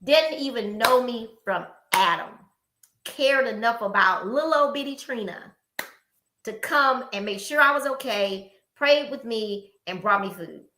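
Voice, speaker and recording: A middle-aged woman co-hosting a podcast, chatting casually and telling stories with lively, acted-out quotes. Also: on the high side, unhurried, a little hiss or hum. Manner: animated storytelling, acting out quoted people. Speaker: podcast co-host. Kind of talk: casual chat. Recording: echoey room.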